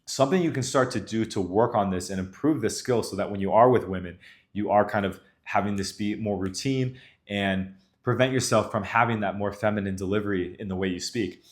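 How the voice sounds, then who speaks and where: A young man coaching other men on dating, talking to camera in a confident, even tone that ends his sentences low. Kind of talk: instructional talk to camera.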